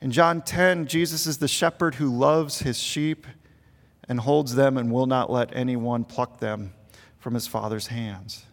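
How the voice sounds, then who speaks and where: A middle-aged man, a pastor, preaching a sermon with earnest emphasis that swells and then drops quiet. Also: mid-range voice, fairly even intonation, measured pace. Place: large church sanctuary. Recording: long reverb of a large hall.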